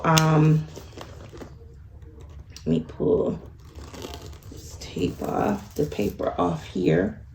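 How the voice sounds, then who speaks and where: A woman's voice: sits low, creaky, darkish tone. A woman giving a chatty sewing tutorial to her viewers, laughing at herself as she works. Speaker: sewing instructor. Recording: echoey room with faint ambient noise.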